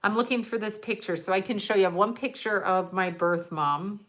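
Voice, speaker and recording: A woman's voice: medium pitch, fairly quick, fairly bright tone. An older woman talking casually to her viewers, rambling from one topic to the next, laughing often and swearing freely while she scrolls through photos. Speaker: psychic vlogger.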